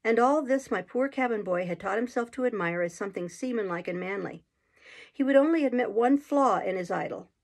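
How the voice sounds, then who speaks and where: A woman's voice: fairly high pitch, animated, a little fast, a little mellow. Woman reading a classic novel aloud. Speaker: reader.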